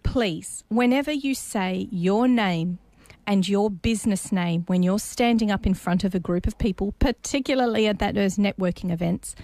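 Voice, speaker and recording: A woman's voice: medium pitch, moderate pace, dark tone, dry recording. A woman hosting a podcast, chatty and enthusiastic. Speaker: podcast host. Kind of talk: podcast interview.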